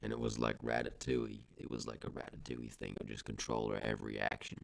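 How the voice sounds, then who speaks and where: A man's voice: very deep voice, little pitch movement, fast, gravelly. A man co-hosting an improvised comedy podcast, telling absurd stories in a rambling, stammering way. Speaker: podcast co-host.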